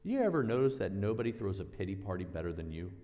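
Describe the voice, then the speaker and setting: Low-voiced male pastor preaching in a hall. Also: quick pace, highs cut off. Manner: animated preaching, acts out quoted voices with big swings in pitch and volume. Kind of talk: sermon. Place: church sanctuary. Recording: long church-hall reverb.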